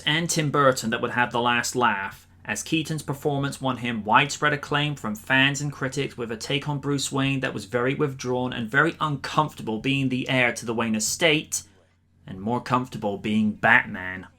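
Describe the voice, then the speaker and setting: A man narrating a scripted film review with measured, admiring commentary. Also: mid-range voice, pushed and bright.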